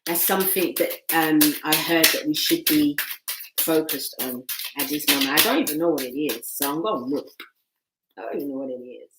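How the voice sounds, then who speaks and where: A woman's voice: low voice, fairly quick, echoey room, very noisy. A woman doing a casual tarot reading, chatty and repeating her phrases as she talks to herself. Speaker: tarot reader.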